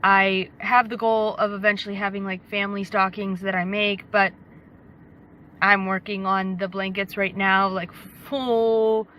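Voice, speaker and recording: A woman's voice: medium pitch, little pitch movement, measured pace, lo-fi sound, slight background noise. A woman in her thirties chatting casually to a phone camera while out shopping, rambling with lots of fillers. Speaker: vlogger. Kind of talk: casual vlog chat. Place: out and about, in stores and car.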